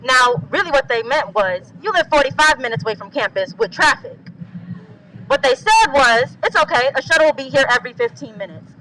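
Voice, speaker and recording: Young woman student, bright, high voice, emphatic protest speech at an outdoor rally. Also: big pitch swings, a little fast, slight background noise, rough recording. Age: young adult.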